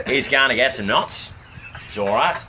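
A man's voice: medium pitch, slow pace, highs cut off, background noise, close to an everyday voice. A man voicing a rowdy bloke who narrates backyard animals in a put-on Australian accent. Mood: joking.

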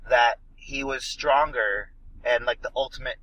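A man's voice: medium pitch, unhurried, pushed and bright, dull audio, slight background noise. A man ranting and swearing as he picks apart an action movie in a casual podcast chat. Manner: ranting, profane, emphatic. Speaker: podcast co-host.

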